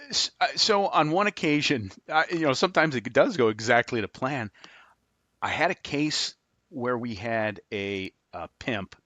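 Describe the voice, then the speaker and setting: A man with a lowish, bright, forceful voice tells stories as an interview guest, acting out the dialogue and laughing often. The sound is dry and close. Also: no echo. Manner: animated storyteller, laughs often, acts out dialogue. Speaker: guest, former FBI agent. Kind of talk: storytelling in a podcast interview.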